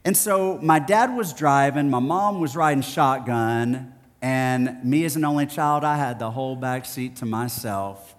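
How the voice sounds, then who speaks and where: A man from Texas preaching a sermon, telling stories in a playful, animated way. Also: medium pitch, moderate pace, few pauses, in a large hall. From Houston, Texas. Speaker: pastor.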